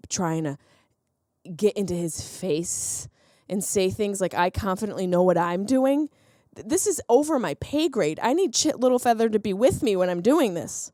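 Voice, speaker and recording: A comedian hosting her podcast, a woman giving an animated, sarcastic monologue that keeps jumping into silly voices. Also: fairly high pitch, dry recording, clean studio sound. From Sicilian heritage, lives in Los Angeles.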